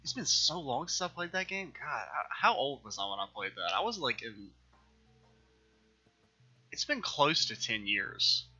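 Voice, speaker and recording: A man's voice: medium pitch, very animated, a little slow, bright, forceful tone, husky, lo-fi sound. A man hosting a let's play, giving casual, rambling, self-deprecating gameplay commentary.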